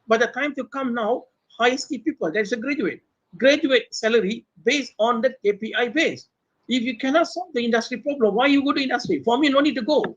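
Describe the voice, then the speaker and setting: A middle-aged professor with a Malaysian English accent holds forth on a panel, animated and throwing rhetorical questions at the others. His voice sits high for a man. The webinar audio is dull and lo-fi. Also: a little fast, husky. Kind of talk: unscripted panel talk. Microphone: webinar video call mic.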